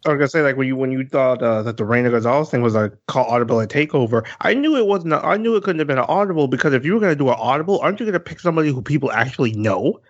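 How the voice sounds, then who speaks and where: A man's voice: medium pitch, lively intonation, very fast, few pauses, lo-fi sound. A man co-hosting a casual wrestling chat, making sarcastic, mocking remarks. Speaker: podcast co-host.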